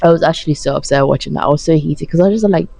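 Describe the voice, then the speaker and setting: A woman's voice: low-pitched, very fast, gravelly, dark tone, faint music behind, low-quality recording. A young woman ranting sarcastically about a reality show, swearing as she talks and sounding tired. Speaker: vlogger reacting to a reality show. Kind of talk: casual reaction rant.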